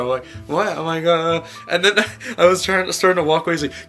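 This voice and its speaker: A young man tells a loose, rambling story to his friends on a podcast. He laughs often and fills his speech with "like". His voice is bright and a touch high, with faint music playing behind him. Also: fast. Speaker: podcast co-host. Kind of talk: casual storytelling among friends.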